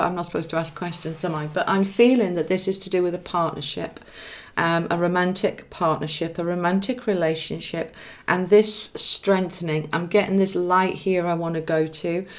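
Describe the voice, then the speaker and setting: A woman with a Welsh accent and a voice on the low side talks at normal speed through a live tarot reading. It's a chatty affair: she keeps saying "darling" to viewers and voices her thoughts while drawing cards.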